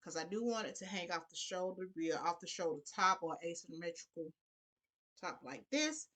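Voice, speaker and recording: A woman's voice: on the low side, lively intonation, moderate pace, fairly bright tone. A middle-aged woman giving a casual sewing tutorial, chatty and talking to her viewers as y'all. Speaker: sewing vlogger.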